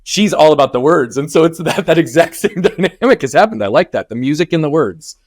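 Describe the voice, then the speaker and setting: A man's voice: a little high, expressive, brisk, dry recording, clean studio sound. A man hosting a podcast interview, talking in an earnest, reflective way and often checking in with "right?". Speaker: podcast host.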